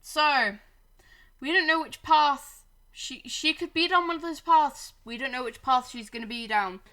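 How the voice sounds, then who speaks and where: Chatty woman player, crisp bright tone, talks through her choices. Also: high voice, measured pace. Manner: chatty, thinking out loud. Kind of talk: casual chat.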